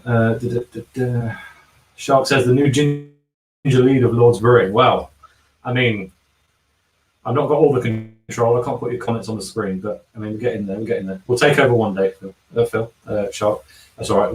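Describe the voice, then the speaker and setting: A man hosting a casual livestream from a bar, reading out chat comments and humming filler syllables between them. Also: lowish voice. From England. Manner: chatty, hums filler syllables while scrolling comments. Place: bar and kitchen. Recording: echoey room, from a distance.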